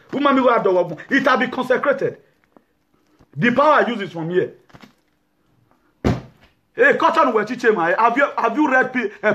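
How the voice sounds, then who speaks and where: A man's voice: high voice, a bit bright, lo-fi sound. A man, lecturing and ranting to camera as an activist host, mixing English with Yoruba and pidgin. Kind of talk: impassioned talk to camera.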